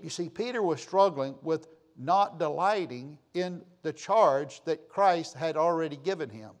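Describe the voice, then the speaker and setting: An older man preaching a sermon as pastor, emphatic and calling for amens, his voice dropping from loud bursts to hushed lines. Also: a little high.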